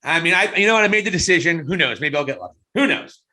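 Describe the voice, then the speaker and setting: A man co-hosting a wrestling podcast in casual chat, teasing his partner and breaking into excited outbursts. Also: a little high, fast.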